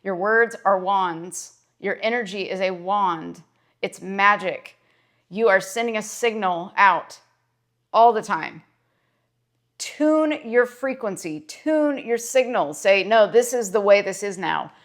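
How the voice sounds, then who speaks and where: In her own motivational video, a social worker who also vlogs about mindset addresses the camera directly in a medium-pitched, fairly bright voice. She speaks a little slowly, with earnest emphasis, and repeats her phrases to make each point stick.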